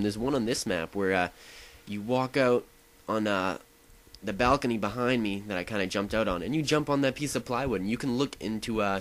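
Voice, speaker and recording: A man's voice: medium pitch, poor audio. A young man giving casual, rambling commentary over his own gameplay, often breaking off and restarting his sentences with enthusiasm. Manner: rambling, self-interrupting, enthusiastic. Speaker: gaming video host.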